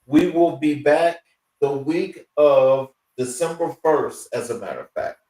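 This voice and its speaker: A man hosting a talk show, wrapping up the episode in a halting way, full of fillers and restarts. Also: fairly high pitch, dark tone, reverberant, recorded from a distance, poor audio. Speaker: show host. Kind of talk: casual show wrap-up.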